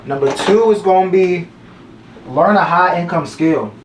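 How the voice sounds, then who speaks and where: A man's voice: high voice, measured pace, slight background noise. A man in his twenties giving life advice to the camera in a casual, slangy way, repeating his points for emphasis. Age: 20s.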